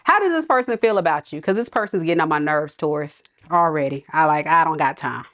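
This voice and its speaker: A woman's voice: low voice, lively intonation, a little fast, a bit bright. A woman giving a casual tarot reading, chatty and slangy, laughing often and talking straight to her viewers. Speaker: tarot reader.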